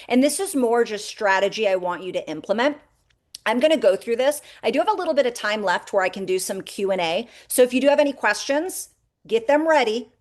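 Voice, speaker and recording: A woman with a fairly high voice coaches her sales team over a video call. She talks in a folksy, preachy way, scattering "okay" and "amen" through her pep talk. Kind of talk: live video call training.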